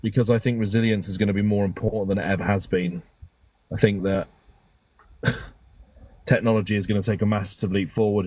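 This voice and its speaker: A man, speaking in a very low, husky voice. He tells personal stories in a candid, emotional way, with casual swearing and frequent restarts. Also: a little mellow, no echo. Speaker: guest caller on a live stream.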